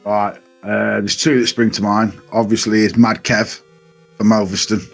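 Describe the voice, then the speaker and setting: Man, husky and animated, telling rowdy stories on a casual podcast. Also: lowish voice, normal speed, soft background music. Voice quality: husky, swears a lot, animated storytelling. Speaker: podcast co-host. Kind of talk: casual storytelling chat.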